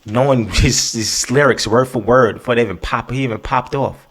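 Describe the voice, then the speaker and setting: A man's voice: mid-range voice, moderate pace. A man hosting a podcast, talking alone in a loose, profane, emphatic way and often tagging his points with "right?". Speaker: podcast host. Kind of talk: casual monologue.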